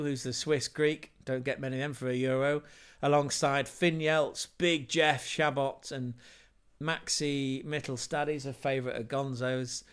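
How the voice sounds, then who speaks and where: A man's voice: a little high, clean tone. A man hosting a casual football livestream, running through team lineups with jokey asides, wordplay and self-corrections. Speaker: football podcast host.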